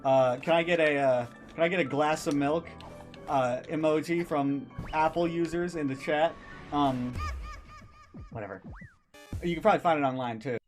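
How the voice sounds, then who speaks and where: A man's voice: on the high side, moderate pace, faint music behind. A male streamer ranting angrily and profanely, stumbling over his words and restarting. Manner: heated, profane, stammering restarts. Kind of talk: angry ranting commentary.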